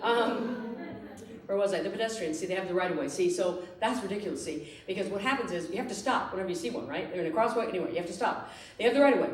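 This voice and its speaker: A woman's voice: mid-range voice, fast. A woman doing a stand-up comedy set in a theatre, talking in a brash, profane, ranting way into a handheld mic. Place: theatre stage before a live audience. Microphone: handheld stage mic. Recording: roomy live theatre with audience laughter. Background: audience laughter.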